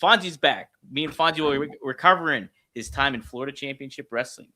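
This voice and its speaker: A man's voice: mid-range voice, fast, sharp tone. A man co-hosting a casual wrestling podcast, upbeat and encouraging, laughing often and wrapping up the show. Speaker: podcast co-host.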